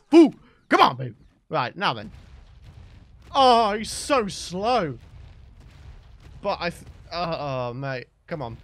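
Excitable British guy narrating gameplay. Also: sits high. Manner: excitable, chatty, bursts into shouts and laughs. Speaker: gaming channel host. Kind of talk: let's play commentary.

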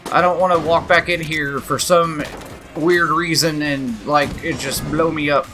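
A man giving excitable let's play commentary, yelping, swearing and cheering at the game as he plays. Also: on the high side, measured pace, soft background music. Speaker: gaming channel host.

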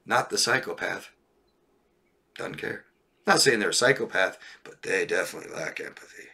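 Blunt gravelly-voiced male coach. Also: deep voice, lively intonation, fairly quick, pushed and bright. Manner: blunt, repetitive, asks "right?" and "okay?". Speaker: relationship coach. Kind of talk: live stream Q&A, reading viewer questions.

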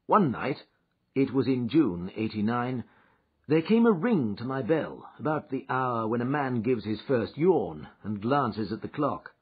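A man giving an expressive, dramatic reading of a classic detective story, in a dull lo-fi recording. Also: medium pitch, unhurried, husky. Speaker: audiobook narrator. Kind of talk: scripted narration of a classic story.

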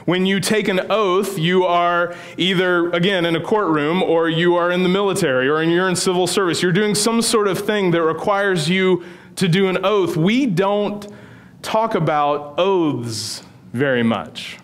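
A man's voice: high-pitched, a little slow. A middle-aged male pastor preaching a sermon in a church, telling a story in a conversational, humorous way. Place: church sanctuary.

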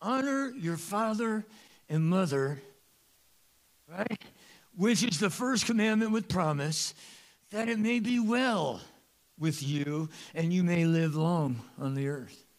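In a church sanctuary, a pastor with a high, gravelly voice preaches slowly, leaving long pauses. He's animated and jokes along the way, breaking into loud, emphatic bursts in what sounds like a church service.

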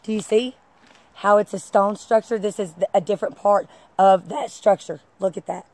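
A woman's voice: mid-range voice, fairly even intonation, normal speed, a little mellow. A woman vlogging outdoors on a wooded trail, filming on her phone as she walks and eagerly urging viewers to look. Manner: breathless exclamations, keeps urging viewers to look. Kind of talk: excited walking vlog. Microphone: phone held while walking.

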